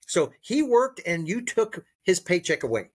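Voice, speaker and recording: Man, dog trainer, podcast guest, emphatic, coaching tone, repeats words for stress, higher-pitched voice. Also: very animated, measured pace. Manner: coaching, teacherly. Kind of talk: podcast interview.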